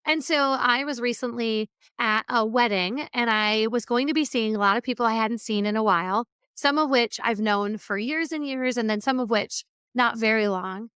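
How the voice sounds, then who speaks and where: A woman's voice: a little high, moderate pace, few pauses, a bit bright, clean tone, no room sound, clean studio sound. A woman hosting a motivational podcast, talking conversationally and acting out what other people say. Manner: conversational, acts out quoted remarks. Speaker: podcast host and keynote speaker.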